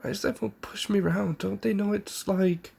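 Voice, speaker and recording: A man's voice: high voice, fairly even intonation, a little fast, gravelly, a little mellow, husky, pitched above the performer's own voice, full character voice. A man voicing a clever, serious young ninja boy who speaks earnestly and plainly.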